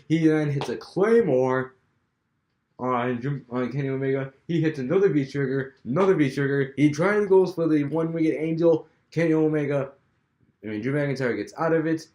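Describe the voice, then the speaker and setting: A man's voice: mid-range voice, darkish tone. A young man casually talking through his fantasy wrestling booking, rambling with many restarts. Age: young adult. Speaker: wrestling fan vlogger. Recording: echoey room.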